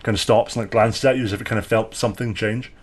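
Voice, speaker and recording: A man's voice: lowish voice, fairly even intonation, quick pace. A man running a tabletop role-playing game as game master, describing scenes in a loose, hesitant way. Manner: loose, hesitant narration with many fillers. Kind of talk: improvised tabletop narration.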